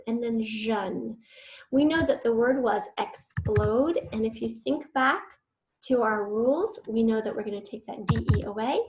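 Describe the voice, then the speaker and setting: A woman's voice: a little high, a little mellow. A woman teaching a spelling lesson, patient and encouraging, sounding words out syllable by syllable.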